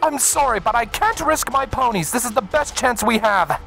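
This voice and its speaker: A man's voice: very high-pitched, animated, moderate pace, vocal fry, music in the background, voice pushed up, heavily acted. A man voicing a stern female pony commander who speaks in clipped orders. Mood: regretful.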